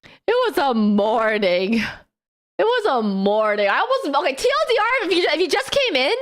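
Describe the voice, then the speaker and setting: A woman's voice: high-pitched, moderate pace. A young woman streamer telling a story in casual, profane talk, with frequent laughter. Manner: animated, profane, laughs often.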